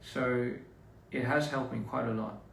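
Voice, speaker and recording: A man chatting slowly and reflectively on a casual live stream, often trailing off into mumbles. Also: medium pitch, fairly even intonation, vocal fry, roomy sound, distant mic, a little hiss or hum. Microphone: phone.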